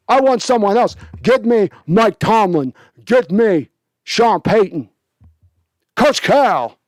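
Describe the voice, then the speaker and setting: A man doing an impression of an outraged older film actor, barking and ranting loudly. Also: sits high, dry recording, studio quality, pitched above the performer's own voice. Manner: loud, barking, exasperated ranting. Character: gravelly, shouting older movie-star man, outraged.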